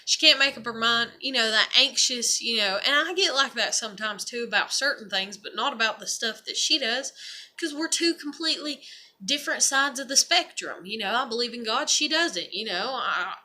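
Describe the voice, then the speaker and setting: A middle-aged woman vlogging straight to camera, her voice bright and a little high. She rambles in loose, earnest reflection, swearing freely and leaning on "you know" and "like.". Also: animated, moderate pace. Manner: rambling, heavy with fillers and profanity. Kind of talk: casual personal monologue.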